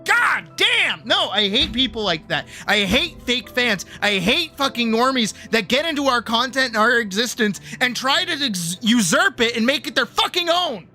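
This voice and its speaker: Heated, profane streamer with a lively voice. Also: medium pitch, normal speed, few pauses, faint music behind. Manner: profane, heated ranting that swings between mutters and shouts. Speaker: streamer and animator. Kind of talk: casual livestream rant.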